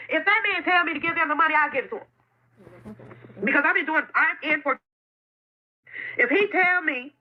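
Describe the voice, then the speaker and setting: A woman who owns a food truck, speaking an impassioned and defensive statement in which she often repeats herself. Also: extremely high pitch. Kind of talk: emotional self-made video statement. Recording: dull lo-fi phone audio.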